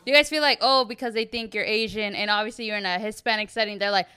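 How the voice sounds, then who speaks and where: A woman's voice: medium pitch, steady tone, fast, pushed and bright, smooth. A woman co-hosting a podcast, teasing and asking the guests questions in casual chat. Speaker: podcast co-host.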